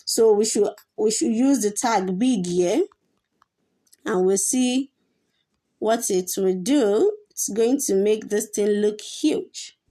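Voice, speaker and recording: A woman's voice: medium pitch, slow, warm tone. A woman teaching a coding lesson, explaining each step patiently with frequent fillers and repetition. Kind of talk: screen-share coding tutorial.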